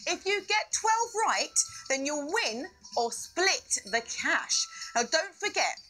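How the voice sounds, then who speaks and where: A woman hosts a live quiz show in a bubbly, playful way. Her voice is high and bright, and it swoops up and down all the time. Faint music plays behind her. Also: sing-song, slow pace, low-quality recording.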